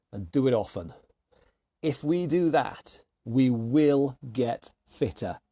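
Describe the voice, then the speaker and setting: A man's voice: mid-range voice, animated, unhurried, dark tone, no room sound, clean studio sound. A man leading an online fitness class, giving plain, encouraging instructions and counting down each exercise.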